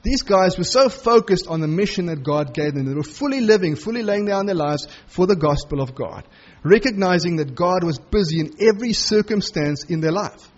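A man preaching a sermon verse by verse, animated and acting out the characters' lines in quick asides. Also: high voice, highs cut off. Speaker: pastor. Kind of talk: expository sermon on a Bible passage.

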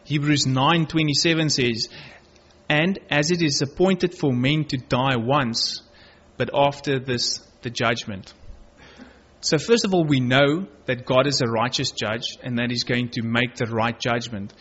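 Earnest male preacher, husky voice. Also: medium pitch, unhurried, a bit bright. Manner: earnest, builds emphasis on key words. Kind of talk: sermon with Bible reading. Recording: dull lo-fi recording.

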